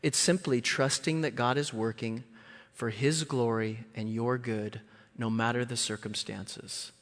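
A man preaching a sermon as a guest speaker, animated and lively, often acting out voices. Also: measured pace. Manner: animated, acts out quoted voices with big pitch jumps. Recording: long hall reverb.

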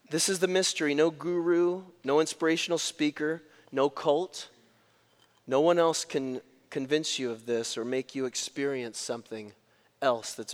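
A man preaching a sermon as pastor, telling stories with big swings in pitch and loudness. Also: in a large hall.

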